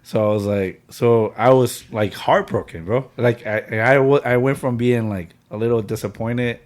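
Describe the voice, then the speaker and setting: A man's voice: medium pitch, normal speed, darkish tone. A man in his thirties or forties, chatting casually with friends, telling an emotional story full of fillers and slang. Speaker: podcast host. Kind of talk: casual chat among friends.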